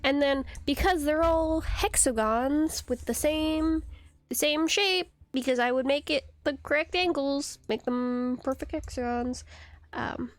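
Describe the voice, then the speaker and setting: A woman's voice: sits high, unhurried, no echo. A young woman streaming a game, chatting casually, rambling and giggling as she answers her chat. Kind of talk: casual live-stream chat while gaming. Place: home computer setup.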